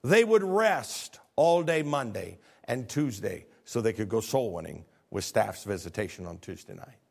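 A man's voice: fairly low pitch, lively intonation, moderate pace, gravelly, husky. A male pastor preaching a sermon, telling stories and rising to fervent peaks.

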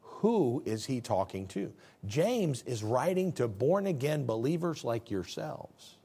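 A middle-aged man preaching a sermon, animated, full of jokes and rhetorical questions. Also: medium pitch, slow, husky. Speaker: pastor.

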